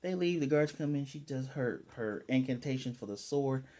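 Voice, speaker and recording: Guy doing a chill anime episode recap, mellow tone, acts out the lines. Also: mid-range voice, normal speed. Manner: animated retelling, acting out character lines. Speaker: anime reviewer.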